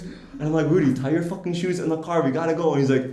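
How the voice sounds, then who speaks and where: A young man co-hosting a podcast, telling a story in a casual, animated, swearing way and laughing as he goes. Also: fairly high pitch, fast talker, few pauses. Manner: animated, profane, laughs while telling stories. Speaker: podcast co-host. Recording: echoey room.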